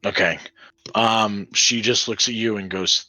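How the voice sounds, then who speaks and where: Man, game master, rambling narration, low voice, bright tone, close dry sound. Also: steady tone, measured pace, dry recording. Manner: rambling, many fillers.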